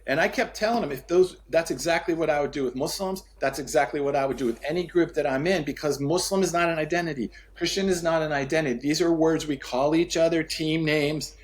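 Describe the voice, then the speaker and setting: As a podcast guest, a man tells a story in conversation, acting out the dialogue with sweeping pitch and repeating key phrases for emphasis. He talks fast with few pauses.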